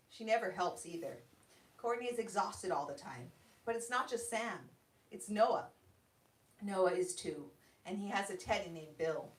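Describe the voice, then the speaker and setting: A woman author reading her novel aloud and then talking about her career at a bookstore event, in a plain, unhurried storytelling voice. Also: fairly low pitch. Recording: roomy hall sound, distant mic.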